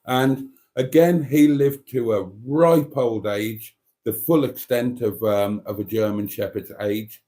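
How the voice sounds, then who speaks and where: A man's voice: mid-range voice, slow, hardly any pauses, warm tone. A man hosting a casual live stream, rambling through a story and reading out viewer comments.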